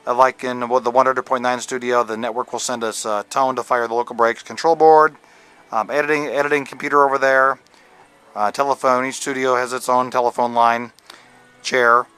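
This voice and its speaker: Bright-voiced man rambling on a tour. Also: medium pitch, flat delivery, a little fast, clear, resonant tone. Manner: rambling and jokey, many fillers and restarts. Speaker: radio DJ giving a station tour. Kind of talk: casual walking tour narration. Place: indoor radio station offices and studios.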